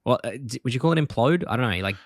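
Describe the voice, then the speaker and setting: A man's voice: medium pitch, expressive, very fast, dry recording, clean studio sound. A man co-hosting a podcast, recapping a cartoon episode in a rambling, laughing casual chat. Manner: rambling, lots of fillers and laughter. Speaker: podcast co-host.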